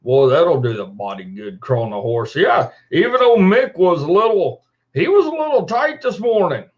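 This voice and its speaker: A man hosting a casual livestream from home at his computer, greeting viewers by name in a folksy, unhurried way after a day of working cattle. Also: on the high side, very animated, muffled recording. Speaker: livestream host. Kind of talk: casual live-stream chat.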